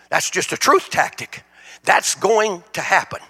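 High, bright-voiced man preaching in a hall. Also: lively intonation, measured pace, creaky, slightly rough. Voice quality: folksy, plain-spoken preaching with colloquial grammar. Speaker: guest preacher. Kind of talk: sermon. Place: church sanctuary. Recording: long reverb of a church hall.

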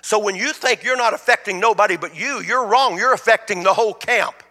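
A man's voice: sits high, lively intonation, a little fast, few pauses, sharp tone. A man preaching a sermon as a guest speaker, in a plain-spoken, folksy way. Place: church sanctuary. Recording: long reverb of a church hall.

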